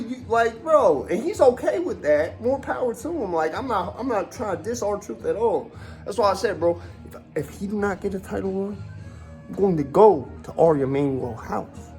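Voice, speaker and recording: A man in his forties rants in a casual podcast style, swearing freely and circling back on himself. His voice sits high for a man. Faint music plays underneath. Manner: animated, profane, rambling with many fillers. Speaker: former wrestler.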